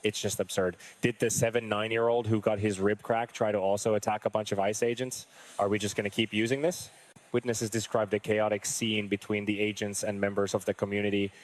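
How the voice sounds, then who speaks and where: A male political commentator with a somewhat low voice runs through the news in an online commentary. His reactions are blunt and exasperated. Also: flat delivery, brisk.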